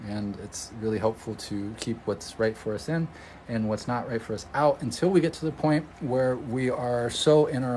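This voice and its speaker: A man's voice: medium pitch, darkish tone, a little hiss or hum, rough recording. A man from Oregon, an energy healer, chatting casually on a livestream, rambling and answering viewer comments. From Oregon, USA.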